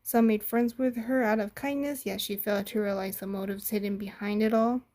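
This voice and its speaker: A woman's voice: mid-range voice, fairly even intonation, fairly quick, darkish tone, close to an everyday voice. Woman reading as a sneering male game master. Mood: grave. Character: man acting as game master, sneering, measured.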